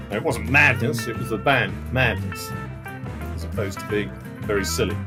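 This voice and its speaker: A man hosting a live-streamed music quiz from home, reading out answers and scores with dry joking asides. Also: mid-range voice. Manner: chatty, with asides and dry jokes. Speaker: quiz host. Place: home room in front of a CD collection.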